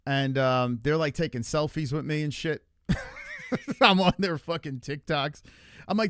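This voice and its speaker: A man's voice: fairly high pitch, animated, a little slow, no room sound, studio quality. A man hosting a livestream, chatting casually and reading the chat in a rambling, profane way. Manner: rambling, loose and swearing a lot.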